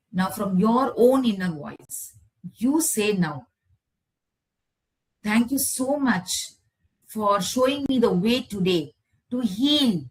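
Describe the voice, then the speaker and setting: A woman leading a guided healing meditation over a video call, speaking slowly and gently in repeated affirmations. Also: medium pitch, rough recording. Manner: slow, gentle, repetitive affirmations. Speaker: healer leading a guided session.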